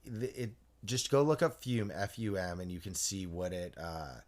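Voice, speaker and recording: A man co-hosting a podcast in casual chat, rambling and correcting himself as he goes, quick to laugh. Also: deep voice, animated. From Canada. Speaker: podcast co-host.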